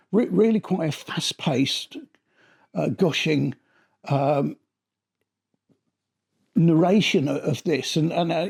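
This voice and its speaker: A middle-aged man talks through an album in a casual, rambling review, often doubling back on his words. His voice sits a little high and has a gravelly, creaky edge. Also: a little mellow. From Britain. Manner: chatty and rambling, often restarting his sentences.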